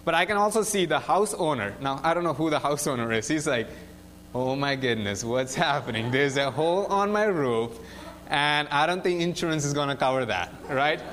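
A young man preaching in a casual, animated storytelling way, often saying "like" and "right?". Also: a little high, normal speed, slight background noise. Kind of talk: casual sermon retelling a Bible story.

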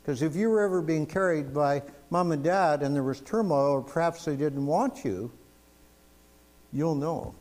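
A man's voice: fairly high pitch, a little mellow. A man preaching a sermon, telling testimonies with emphasis and asking the congregation "amen?". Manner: storytelling, emphatic, asks "amen?".

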